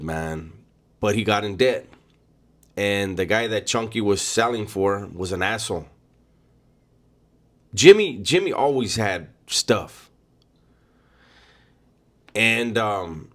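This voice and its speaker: A man telling a first-person story in a casual, blunt way, full of street slang and cursing. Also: lowish voice.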